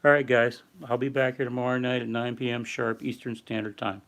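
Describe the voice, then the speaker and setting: A man's voice: medium pitch, little pitch movement, brisk, a bit bright. An older man hosting a casual livestream, rambling and reading viewer chat aloud with lots of fillers. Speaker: livestream host. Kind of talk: casual live-stream talk.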